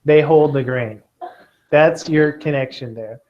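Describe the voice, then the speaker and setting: A man's voice: a little high, measured pace. Joking male teacher, dull lo-fi sound. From Kentucky. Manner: lively and joking, keeps checking in with okay. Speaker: test prep teacher. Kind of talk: classroom teaching. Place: classroom.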